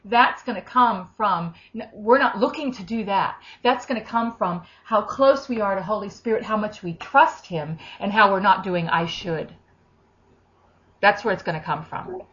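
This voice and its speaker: Animated woman leading a charismatic prayer. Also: medium pitch, normal speed. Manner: animated, breaks into tongues and acted quotes. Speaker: prayer minister. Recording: dull lo-fi recording.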